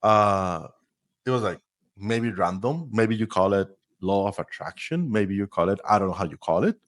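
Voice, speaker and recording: A man in his forties from Costa Rica, speaking English with a Costa Rican Spanish accent, telling stories as a podcast guest, lively and laughing, with frequent restarts. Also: fairly low pitch, moderate pace, dry recording. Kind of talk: storytelling interview.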